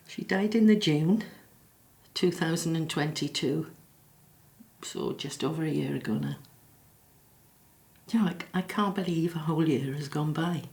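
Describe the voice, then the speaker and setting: Heavily acted, this quiet filmed-drama-style monologue has an actress voicing a grieving middle-aged daughter from the South Wales valleys, interviewed in her office after hours. She speaks low with a gentle Welsh lilt, tender but practical, her reflective, halting words repeatedly dissolving into apologies as she nears tears.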